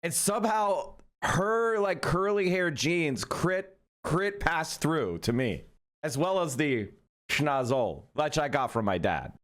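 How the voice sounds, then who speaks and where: A man's voice: a little high, lively intonation, slow, a bit bright. A man talking casually to his live-stream chat, joking and rambling with the odd swear word. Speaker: livestreamer.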